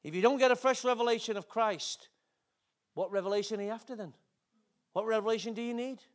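Male pastor with a very high voice, preaching an emotional, fervent sermon. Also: brisk. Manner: fervent, emotional, with big swings in pitch and loudness.

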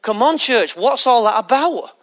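Male pastor, high and bright, conversational sermon with rhetorical questions. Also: expressive, normal speed.

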